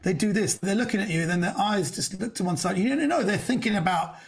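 Brief: middle-aged comic, husky gravelly voice, pitched high, lively storyteller doing voices. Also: male voice, quick pace. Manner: animated storyteller, acts out voices. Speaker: comedian guest. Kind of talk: storytelling anecdote.

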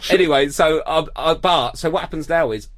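A man's voice: a little high, brisk, heavy background noise. A man, a comedian, telling a rambling, self-mocking story in casual chat.

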